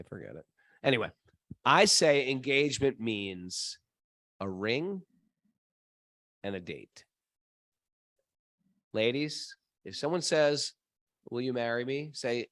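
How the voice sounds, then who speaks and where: A man's voice: on the low side, creaky, fairly bright tone, dry recording, clean studio sound. A man co-hosting a podcast, chatting in a joking, emphatic way. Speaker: podcast co-host. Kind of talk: casual chat.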